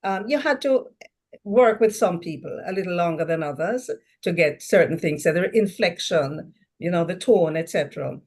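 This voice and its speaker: A woman talking on a panel, lively and acting out phrases as she explains. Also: on the low side, normal speed. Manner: lively, laughs, acts out phrases. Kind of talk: panel discussion.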